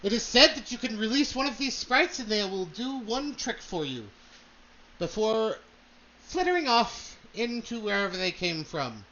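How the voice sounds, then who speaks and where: A man's voice: high voice, big pitch swings, pushed and bright, highs cut off, slight background noise, heavily acted. A man doing a showy fantasy auctioneer. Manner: grand, drawn-out sales patter. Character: showy male auctioneer selling magic items.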